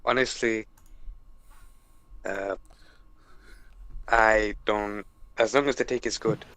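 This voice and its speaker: A man's voice: lowish voice, fairly even intonation, slow, fairly bright tone. A man with a British accent chatting casually, dry and matter-of-fact. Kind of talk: casual chat.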